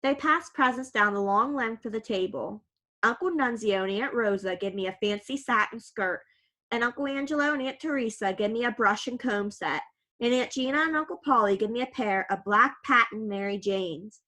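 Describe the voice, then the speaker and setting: A woman reads a first-person story aloud in an audiobook. Her narration is clear and gently expressive, with a fairly high voice. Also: normal speed.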